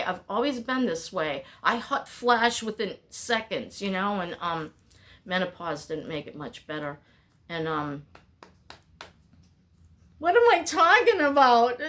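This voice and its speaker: Talking to her camera at home, this middle-aged vlogger has a mid-range, slightly bright voice. Her casual chat rambles from one thought to the next, and she interrupts herself along the way.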